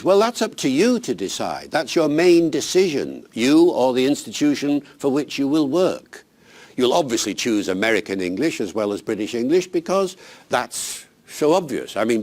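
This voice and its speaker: An older man, a linguist, giving teachers unscripted advice in an animated, emphatic, conversational way. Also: mid-range voice, normal speed. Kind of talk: unscripted explanatory talk.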